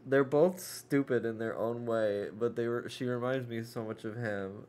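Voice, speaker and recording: A man's voice: mid-range voice, steady tone, moderate pace, a little mellow, slight background noise. A man streaming a game, giving casual commentary, laughing often and reading text aloud.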